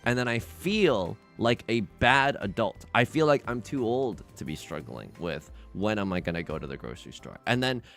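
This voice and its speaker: A young man streaming a game, chatting in a rambling, self-deprecating way with sudden loud outbursts. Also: fairly low pitch, expressive, normal speed, creaky, hardly any pauses, soft background music. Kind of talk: casual livestream chat while gaming.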